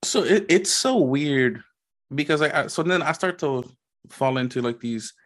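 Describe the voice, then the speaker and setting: A man's voice: a little high, moderate pace. Loose-talking male podcast co-host. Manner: loose, filler-heavy, animated storytelling. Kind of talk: casual chat.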